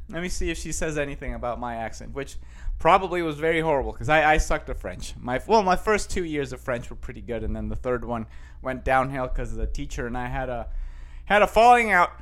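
A young man from Costa Rica talks casually to his listeners, his voice sitting a touch high. He rambles, circling back with fillers and restarts as he goes. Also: fairly bright tone. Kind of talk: casual chat.

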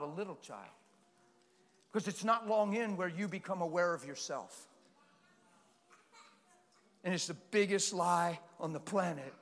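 A man delivers an animated, passionate sermon, his voice high and ringing. His talk swings between quiet asides and sudden loud bursts. A long reverb from a large hall trails after his words. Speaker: preacher.

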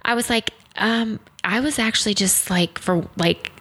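A woman's voice: medium pitch, a little slow, a bit bright, husky. A woman hosting a podcast, chatting in an enthusiastic and affirming way. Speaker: podcast host and physician. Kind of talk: casual interview chat.

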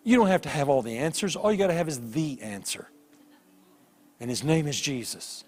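A man preaching a sermon as a guest preacher, telling stories with lively voiced characters. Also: on the high side, normal speed. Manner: animated storytelling with voiced characters. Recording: long hall reverb.

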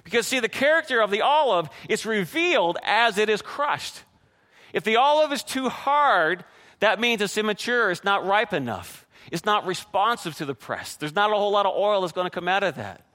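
A man preaching a sermon to a congregation, animated and often checking in with "right?". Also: high voice, normal speed, long reverb tail. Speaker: pastor.

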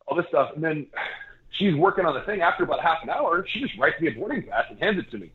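A man's voice: on the high side, expressive, quick pace. A man, a wrestler guest on a casual podcast, telling a long rambling story with many fillers and restarts. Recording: echoey, phone-like lo-fi sound.

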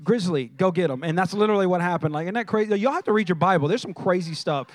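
A man with a high-set voice delivers a laid-back sermon, turning the scripture into a joking, slang-filled story. The sound is dry and close, with no room behind him. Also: rapid-fire, dry recording. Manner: conversational and joking, acts out Bible stories in slang. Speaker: pastor. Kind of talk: casual preaching sermon.

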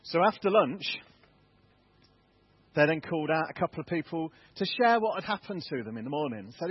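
A man's voice: a little high, lively intonation, normal speed, husky, no echo, highs cut off. An English man, a church elder, giving a candid, self-deprecating testimony sermon in a church. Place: church hall.

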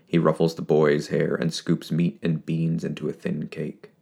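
Deep, gravelly male story narrator. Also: completely flat delivery, moderate pace, mellow. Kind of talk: scripted fiction narration.

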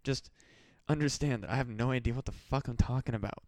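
A man's voice: mid-range voice, brisk, darkish tone, no room sound. A man hosting a solo podcast, rambling and swearing with mock-desperate pleading. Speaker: podcast host. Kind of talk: casual solo podcast rant.

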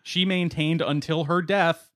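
A man's voice: a little high, steady tone, measured pace, fairly bright tone, dry recording, studio quality. A man co-hosting a podcast, reading out a gossipy story and laughing as he goes. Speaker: podcast co-host. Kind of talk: casual chat, reading a story aloud.

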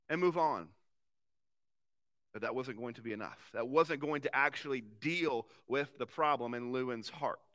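Earnest bright-voiced male pastor preaching. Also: fairly high pitch. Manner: earnest, swinging from forceful to very soft. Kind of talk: sermon.

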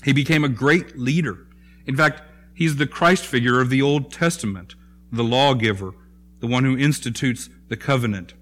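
Halting conversational male pastor. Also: mid-range voice, a bit bright. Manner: conversational, halting with frequent fillers and restarts. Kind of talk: sermon.

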